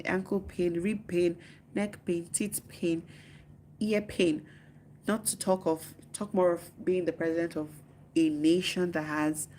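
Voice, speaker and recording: A woman with a Nigerian accent chats on a live stream from her living room, reading out viewers' comments and teasing them playfully. Her voice sits a little low and has a gravelly fry, with a faint hiss of noise behind her. She speaks into a phone. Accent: Nigerian English. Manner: chatty and teasing, reads comments aloud and answers them.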